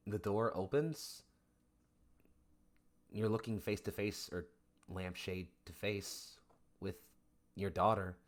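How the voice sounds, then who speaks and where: Male game master, slow, descriptive narration, lower voice. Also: fairly even intonation.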